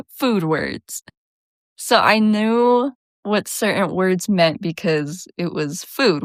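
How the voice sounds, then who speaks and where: A young woman with a slight Southwestern country twang tells a story to camera in a relaxed, drawling way. Her voice sits a little low, and she keeps checking in with listeners. The sound is close and dry. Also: dry recording. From New Mexico. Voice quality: slightly lazy, drawling speech. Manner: chatty, laid-back, frequent "right?" and "like". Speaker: vlogger.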